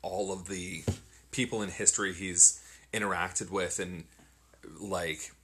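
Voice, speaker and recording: A man co-hosting a podcast, chatting casually in a relaxed way, quick to laugh. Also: low voice. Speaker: podcast co-host. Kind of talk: casual chat.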